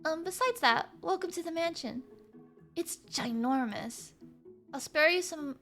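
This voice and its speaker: A woman voicing a soft-spoken young student council president, a gentle childhood friend in a dating game. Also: high-pitched, lively intonation, unhurried, soft background music, pitched above the performer's own voice, exaggerated voice. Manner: soft, gentle, a little scolding.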